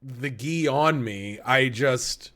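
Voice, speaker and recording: A man co-hosting a podcast who talks about anime in an excitable, emphatic, freely profane way. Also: mid-range voice, slow. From United States. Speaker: podcast co-host. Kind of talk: casual anime review chat.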